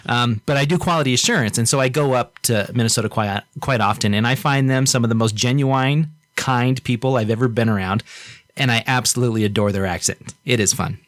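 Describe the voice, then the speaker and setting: A man from Idaho hosts a relaxed interview at an ordinary middle pitch. He asks questions and keeps the guest going with short acknowledgements. His voice sounds dry and close, with no room around it. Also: a little fast, dry recording. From Idaho, United States. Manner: attentive, frequent short backchannels and questions. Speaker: podcast host. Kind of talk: casual interview.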